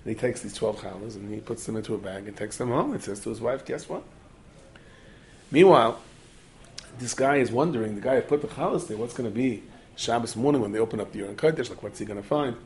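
A man telling a Torah story in the manner of a sermon, animated and studded with Yiddish and Hebrew terms, acting out the characters. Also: fairly low pitch, quick pace, slight background noise.

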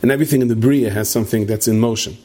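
A man's voice: fairly low pitch, steady tone, rapid-fire, warm tone. A man giving a rambling sermon to an audience, peppering it with "right?". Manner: meandering, asks "right?" often, many restarts. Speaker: rabbi giving a talk.

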